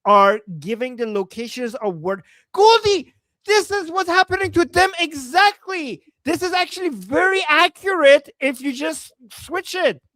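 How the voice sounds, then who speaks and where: A woman's voice: high-pitched, a bit bright, no room sound, poor audio. A woman co-hosting a casual political chat, talking emphatically and hammering her points home. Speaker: co-host.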